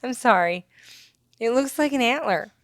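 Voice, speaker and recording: A woman's voice: a little high, expressive, normal speed, no echo, studio quality. A woman narrating her craft build in a casual voice-over, chatty and self-mocking, with offhand asides that trail away.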